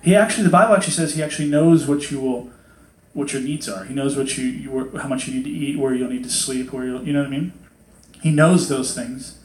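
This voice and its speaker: A man preaching a casual sermon to a congregation in a hot hall, chatty and animated, acting out quotes in different voices. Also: medium pitch, a little fast. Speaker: pastor. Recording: echoey hall.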